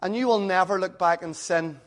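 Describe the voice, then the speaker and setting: A man's voice: high voice, normal speed. A man preaching a sermon in an earnest, conversational way, full of rhetorical questions.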